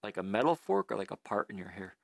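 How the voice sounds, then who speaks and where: A man's voice: on the low side, sing-song, quick pace, creaky, no room sound, studio quality. A man co-hosting a casual podcast, firing off teasing, joking questions and swearing. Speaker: podcast co-host.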